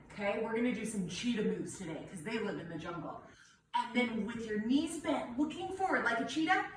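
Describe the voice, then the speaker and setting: A woman's voice: a little high, slight background noise. A young woman guiding children through a yoga class, cheerful and encouraging, with a sing-song coaching manner. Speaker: kids' yoga teacher. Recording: echoey room, voice from a distance.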